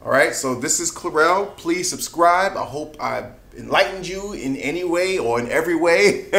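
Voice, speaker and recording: The man teaching this casual singing lesson has a gravelly, fairly bright voice, a little high, with lively intonation at a normal speed. He laughs easily between points and keeps asking "you know what I mean?". The room is echoey.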